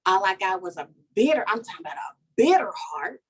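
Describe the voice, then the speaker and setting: Animated woman sharing a personal story. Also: mid-range voice, a little fast, slightly rough. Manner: animated storytelling, talks to listeners as "y'all". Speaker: podcast guest, life coach. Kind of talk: casual podcast conversation, personal testimony.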